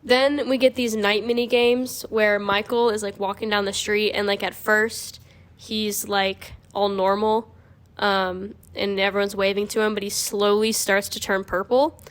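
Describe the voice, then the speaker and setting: A woman's voice: medium pitch, level tone, a little slow. A young woman hosting a podcast, explaining in a rambling, casual way full of "like". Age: young adult. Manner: rambling, peppered with 'like'. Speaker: podcast host. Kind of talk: casual chat.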